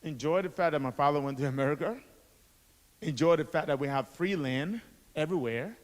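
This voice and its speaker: A man's voice: a little high, a little fast. Man speaking in an echoey hall. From Liberia. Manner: dramatic storytelling with rhetorical questions to the audience. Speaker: guest speaker, author and activist. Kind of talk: motivational school assembly speech. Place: school assembly hall.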